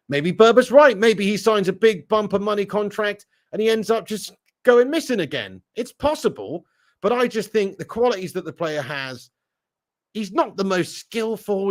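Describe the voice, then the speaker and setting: Man, high voice, blunt, jokey, laughs a lot, live-stream football chat host. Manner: blunt, jokey, laughs often, teasing viewers. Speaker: fan channel host reading live chat.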